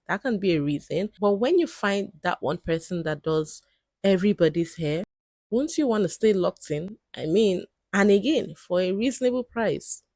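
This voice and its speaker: A woman's voice: fairly low pitch, no room sound, clean studio sound. A woman vlogger chatting casually to her viewers, commenting on clips she has watched. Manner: chatty, addresses viewers as guys.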